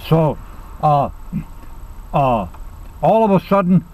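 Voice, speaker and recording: A man's voice: on the high side, lively intonation, takes it slowly, narrow, tinny audio. An older man telling jokes casually, rambling and chuckling at his own punchlines. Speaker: joke teller.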